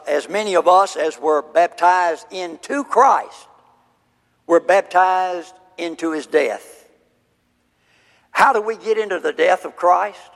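A man preaching a sermon, expounding scripture slowly and emphatically. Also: high voice, gravelly, fairly bright tone. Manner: slow, emphatic scripture exposition. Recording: hall reverb.

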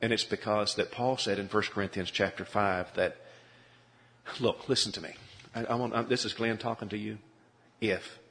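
Earnest preacher in a reverberant hall. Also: male voice, lowish voice, a bit bright. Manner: earnest, pleading, repeats words. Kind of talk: sermon.

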